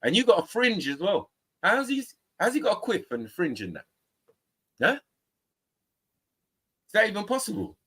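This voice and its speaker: A man's voice: high voice, very animated, moderate pace, long pauses, sharp tone, slightly rough. A man, hosting a stream and teasing a co-host in casual banter. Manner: teasing, slangy, breaks into voices and song. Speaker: livestream host.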